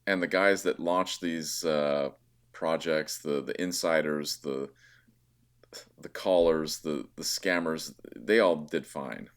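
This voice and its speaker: A man's voice: a bass voice, slow pace. A man guest on a podcast, talking casually in a sardonic, scornful way. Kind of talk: casual conversation.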